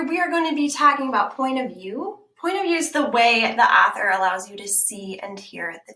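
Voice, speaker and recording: A woman teacher reads a picture book to children, slow and emphatic, often sinking into whispers. Her voice is bright and a little high. The room adds a clear echo. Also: lively intonation. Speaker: teacher reading aloud. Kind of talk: children's read-aloud lesson. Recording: echoey room.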